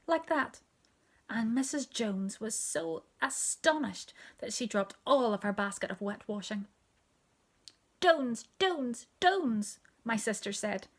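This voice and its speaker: A woman reading a children's story aloud, expressive and dropping to a hushed whisper for asides. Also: medium pitch.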